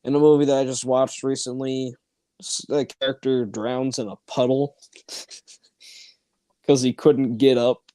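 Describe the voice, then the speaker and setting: Brief: easygoing man commenting on a movie, unhurried, close and dry. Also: medium pitch, little pitch movement, mellow, no echo. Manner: rambling, laughs often, trails off. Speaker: watch-along host. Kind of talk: casual chat over a movie.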